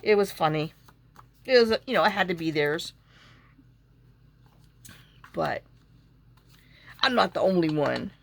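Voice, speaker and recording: Chatty woman with gravelly voice. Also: on the low side, animated, takes it slowly, pauses often. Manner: chatty, rambling storyteller, talks to herself while working. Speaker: craft vlogger. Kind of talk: casual chat while crafting.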